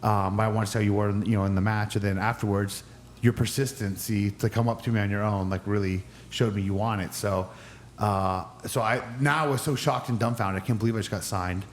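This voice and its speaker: A man's voice: lowish voice, steady tone, brisk, slight background noise. A man who is a guest on a podcast, telling a story with lots of energy and acting out the other people's lines in a raised voice. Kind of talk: animated storytelling.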